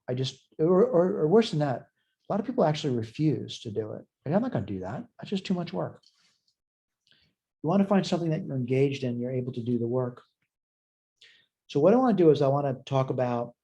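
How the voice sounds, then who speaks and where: A man's voice: mid-range voice, dark tone. A man teaching a college math lesson, thinking aloud as he works through problems in a chatty, self-deprecating way. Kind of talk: recorded math lecture.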